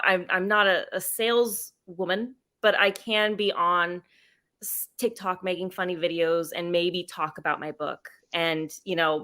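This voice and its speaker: A woman's voice: fairly low pitch, sharp tone. Earnest woman moderating an author panel. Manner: earnest, thoughtful, asks questions. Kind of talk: casual panel chat.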